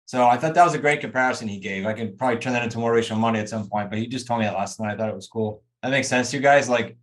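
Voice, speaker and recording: A man's voice: mid-range voice, rapid-fire. A man coaching a group over a video call, talking emphatically and straight to his students. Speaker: real estate coach.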